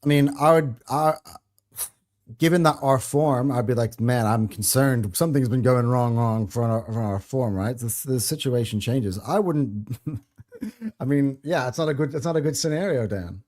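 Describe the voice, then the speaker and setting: A man's voice: mid-range voice, normal speed, a little mellow. A man co-hosting a casual football talk show, hesitant, with lots of ums and short laughs. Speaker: podcast co-host.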